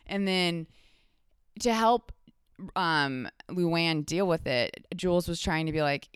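A woman who is a podcast guest, telling stories in a rambling, animated casual chat full of restarts and asides. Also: on the low side, a little slow, clear, resonant tone, no echo, clean studio sound.

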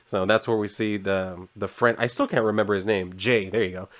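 A man casually recapping a comic issue, rambling and sarcastic, with frequent swearing and flatly read character lines. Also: fairly low pitch, a little fast. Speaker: comic book reviewer.

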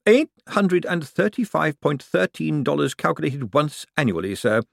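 Brief: man voicing a formal, measured, precise cashier, pitched up. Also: big pitch swings, no room sound, clean studio sound. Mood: stiff. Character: stiff, precise male head cashier.

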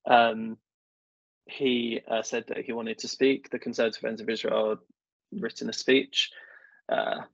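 A man's voice: mid-range voice, level tone, measured pace, creaky, long pauses, dry recording. A young man in a casual interview, telling stories in a chatty, self-deprecating way with lots of fillers. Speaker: podcast guest, government affairs professional. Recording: dull dry lo-fi sound.

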